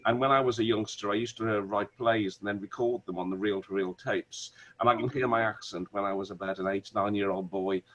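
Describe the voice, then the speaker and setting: A middle-aged man with a Wolverhampton accent, a barrister, telling animated stories as a guest on a video call. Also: lowish voice, fairly quick, few pauses, highs cut off, slight background noise. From Wolverhampton, England. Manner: animated storyteller, many restarts. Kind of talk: conversational interview.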